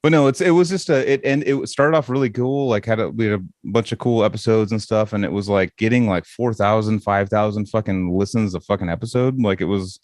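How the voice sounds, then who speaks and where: A man's voice: lowish voice, fairly quick, hardly any pauses, a little mellow, no room sound, studio quality. A man guest on a podcast telling a story in casual chat, rambling with lots of "like" and heavy swearing.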